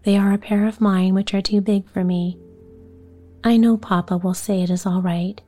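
A woman's voice: medium pitch, level tone, moderate pace, mellow, faint music behind, close to an everyday voice. A woman voicing a kind, earnest young girl in a storybook reading. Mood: gentle. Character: kindly well-off young girl, thoughtful.

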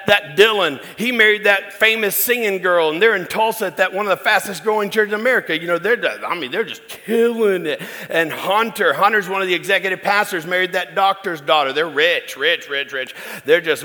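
A man putting on a loud, gushing older uncle who brags and whoops. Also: sits high, pitched above the performer's own voice. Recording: long reverb in a large hall.

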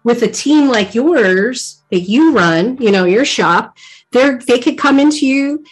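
A woman hosting a casual interview, telling animated examples, often tagging "right?" and laughing lightly. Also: a little high, a little slow, poor audio.

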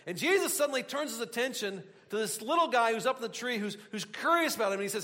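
A man delivering a casual, conversational sermon with a high, very expressive voice that swoops up and down. He speaks animatedly, breaks off into asides and restarts his phrases. His voice carries a long hall reverb. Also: fast talker, hardly any pauses. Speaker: pastor.

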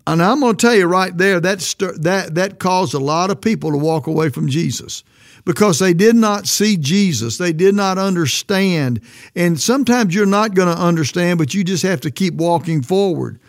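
A man's voice: high voice, animated, normal speed, dry recording, studio quality. A man preaching a sermon as pastor, earnest and emphatic, his voice leaping up on quoted questions.

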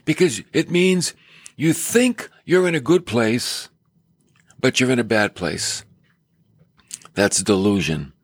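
Male preacher, deliberate delivery, slightly husky, emphatic sermon. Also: expressive, no room sound, studio quality. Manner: emphatic, with dramatic swings in pitch. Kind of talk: sermon on scripture.

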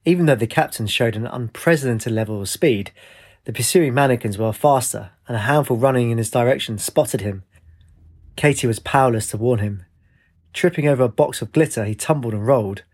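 A man narrating a fantasy story with a measured, expressive reading. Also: medium pitch, husky.

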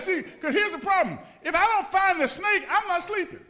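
A man's voice: very high-pitched, normal speed, sharp tone. A man preaching a sermon, a pastor from the Los Angeles area, telling a story with laughs and repeated phrases for emphasis.

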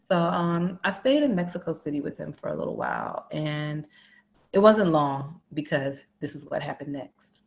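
A woman in casual chat, telling a long personal story with lively, cursing, raised-voice quotes of the people in it. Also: low-pitched, moderate pace, gravelly. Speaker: storyteller guest.

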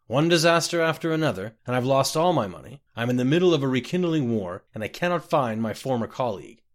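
Jittery, earnest male clerk, lifted well above the reader's usual pitch and anxious in every line, with a lively, swooping delivery. A man reads him in a storybook. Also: quick pace, natural voice. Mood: worried. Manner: anxious, higher and louder than the narration.

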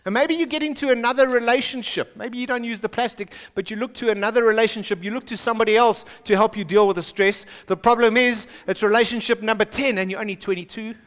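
A South African man preaching a sermon in a church, swinging from hushed lines to shouting. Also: high voice, fast, few pauses. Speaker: pastor. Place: church auditorium. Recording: long reverb of a large church hall.

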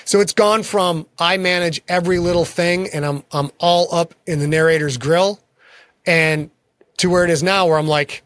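A man's voice: fairly high pitch, fairly even intonation, moderate pace, fairly bright tone, no room sound. A man, a guest author in a casual interview, telling frank and self-deprecating stories about his work.

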